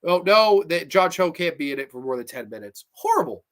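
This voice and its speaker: A man's voice: on the high side, animated, fairly quick, fairly bright tone, smooth. A man hosting a casual livestream horror film review, ranting with profanity and mocking re-enactments of scenes. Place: home livestream setup.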